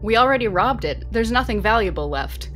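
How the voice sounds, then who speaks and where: A woman's voice: a little high, lively intonation, a little fast, fairly bright tone, soft background music. A woman reading a smug male convict's lines in a playful, smirking way.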